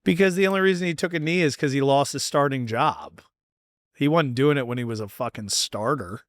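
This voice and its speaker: A male podcast host talking in casual chat, blunt and quick to swear. His voice is smooth and clear, with a mid-range pitch. The sound is dry and close, with no room echo. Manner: blunt and profane, fast bursts.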